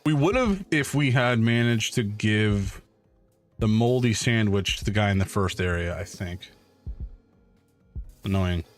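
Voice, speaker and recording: A man's voice: lowish voice, expressive, measured pace, pauses often, dry recording, soft background music. A man streaming a game, chatting casually and wryly with his viewers. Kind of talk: live game commentary.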